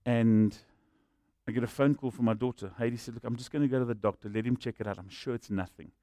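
A middle-aged man preaching a sermon, telling stories that swing from hushed to shouting. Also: mid-range voice, fairly even intonation, fast, no echo, studio quality. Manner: storytelling, swings from quiet to shouting. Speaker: pastor.

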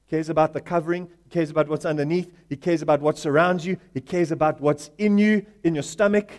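A man preaching a sermon, building to loud emphatic questions and answers, and acting out the characters of the story he tells. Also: fairly high pitch, steady tone, quick pace. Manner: rising to loud emphatic call-and-response; acts out Bible characters in quoted voices. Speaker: pastor.

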